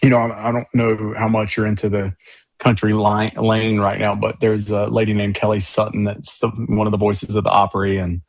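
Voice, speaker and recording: A man with a low, fairly flat voice talks about his music in a casual interview, drifting from story to story with plenty of fillers and eager asides. The recording is dry, with little room sound. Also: moderate pace, no room sound. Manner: rambling, enthusiastic storytelling with many fillers. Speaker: musician guest.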